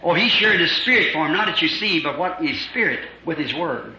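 Preacher, man, fervent revival sermon; pitch soars and dips, lo-fi echoey church recording. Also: sing-song, brisk. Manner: fervent, swings into shouting, acts out scripture voices. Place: church with congregation. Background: congregation responding.

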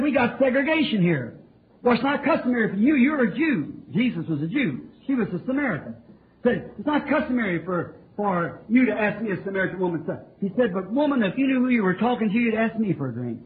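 A man preaching a revival sermon in a church, fervent and sing-song, calling for answers from the crowd. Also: high voice. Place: church tabernacle. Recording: tinny lo-fi old tape with hiss.

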